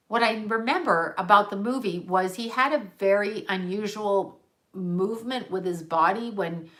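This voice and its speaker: A woman's voice: medium pitch, a bit bright. A woman hosting a casual livestream, rambling and chatty in a conspiratorial way. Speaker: livestream host.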